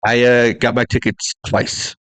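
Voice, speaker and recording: A man's voice: medium pitch, flat delivery, a little slow, fairly bright tone, no room sound. A man co-hosting a film podcast, laid-back, giving short replies and using lots of fillers. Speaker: podcast co-host. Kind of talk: casual chat.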